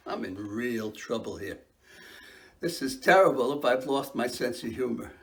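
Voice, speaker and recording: A man's voice: mid-range voice, animated, a little slow, a bit bright. An actor playing a man who fears he has lost his sense of humor, in a rueful, self-mocking stage monologue.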